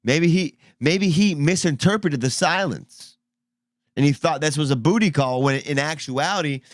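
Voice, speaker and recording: A man co-hosting a podcast, swearing and joking loudly as he reacts to a video with his co-host. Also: fairly high pitch, moderate pace, no echo, studio quality. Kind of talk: casual crude reaction banter.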